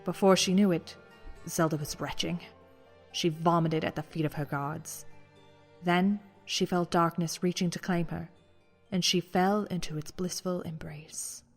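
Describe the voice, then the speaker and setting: A man giving dramatic scripted audiobook narration, dropping to a hush at tense moments. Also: fairly high pitch, fairly even intonation, a little slow, creaky, soft background music.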